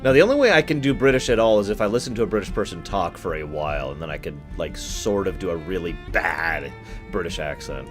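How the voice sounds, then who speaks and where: A man's voice: sits low, animated, quick pace, over music. A man streaming a game, joking casually and reading game text aloud. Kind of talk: casual let's-play commentary.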